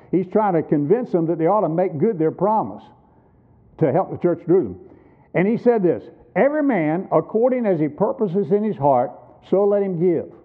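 A man in his sixties preaching a sermon at a missions conference, emphatic and teaching with rhetorical questions. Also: high voice. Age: 60s. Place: church. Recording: tinny phone-like sound.

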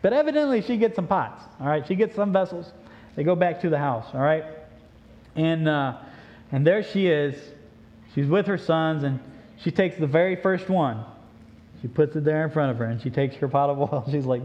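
High-voiced animated male preacher. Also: brisk. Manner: animated, joking, storytelling. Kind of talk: sermon. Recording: dull lo-fi recording.

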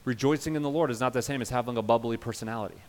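A male pastor preaching a sermon, emphatic, swinging from loud urging to quiet earnest passages. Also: medium pitch, very fast, long reverb tail.

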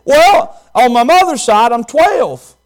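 A man preaching in the voice of the twelve-year-old Jesus, giving a gentle, riddling answer. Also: very high voice, animated, a little slow, voice pushed up. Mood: playful.

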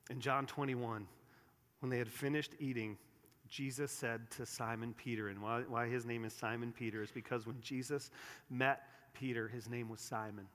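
A man preaching a sermon in a church, earnest, rising to emphatic peaks and dropping to quiet, soft lines. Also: mid-range voice, steady tone, moderate pace. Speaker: pastor. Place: church sanctuary. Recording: long reverb of a large room.

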